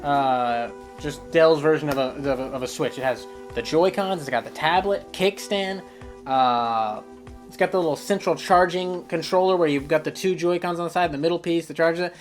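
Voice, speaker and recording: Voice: medium pitch, moderate pace, soft background music. A gaming news vlogger in casual commentary, sarcastic and ranting, with some swearing.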